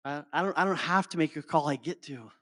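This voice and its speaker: A man's voice: on the high side, quick pace, bright, forceful tone, no room sound. A middle-aged man giving a motivational talk to a live audience as a life coach. He keeps checking in with his listeners and often stumbles over and repeats his words.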